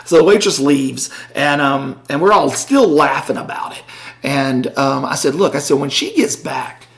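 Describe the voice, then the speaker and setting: A middle-aged man with a creaky, mid-range voice co-hosts a podcast at normal speed. In casual chat he tells a story, animatedly acting out the voices of the people in it.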